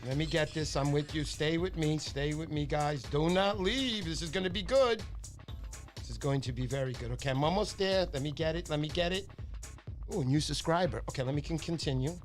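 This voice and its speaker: A man hosting a casual fishing livestream, chatty and animated, with a stuffy nose from a cold. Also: fairly high pitch, a little fast, faint music behind. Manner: chatty storyteller, animated impressions.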